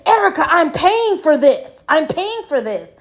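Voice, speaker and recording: A woman's voice: high voice, lively intonation, brisk. A woman voicing an impatient, pushy male sugar daddy in a quoted story, insistent and annoyed.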